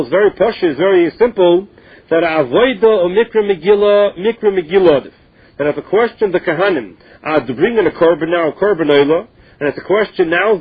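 A man's voice: sits high, husky. A man teaching a Talmud lesson, reading each phrase and then explaining it in plain English. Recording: tinny phone-line recording.

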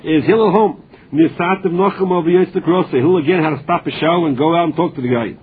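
A man's voice: a little high, quick pace, phone-quality sound, slight background noise. A man giving a Talmud lesson, retelling stories and translating Aramaic phrases into English as he goes. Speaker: Talmud teacher.

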